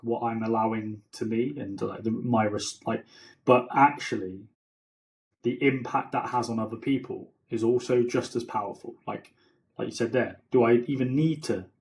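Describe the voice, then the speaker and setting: A man co-hosting a podcast, chatting casually and rambling through stories with many restarts. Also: mid-range voice. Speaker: podcast co-host. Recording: roomy echo.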